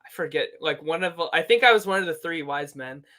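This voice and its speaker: Bright-voiced rambling man in his thirties. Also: fairly high pitch, lively intonation, brisk. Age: 30s. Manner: easygoing, rambling storyteller who laughs at himself. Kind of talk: casual chat.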